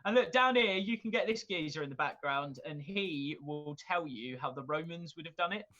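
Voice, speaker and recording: A man's voice: fairly high pitch, animated, moderate pace, bright, forceful tone. Joking man on a lo-fi podcast. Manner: joking, rambling, swears freely, laughs often. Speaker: podcast co-host. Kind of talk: casual chat.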